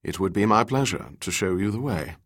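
Casting: male narrator as a courtly, low-voiced middle-aged gentleman, audiobook. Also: lively intonation, fairly quick. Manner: formal, courtly phrasing. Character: tall middle-aged gallant gentleman, baroque speech.

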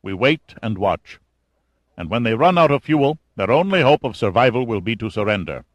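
A man's voice: medium pitch, sing-song, normal speed, no echo. A man voicing a cold, irritable military general in an audiobook reading. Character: cold, menacing middle-aged male general.

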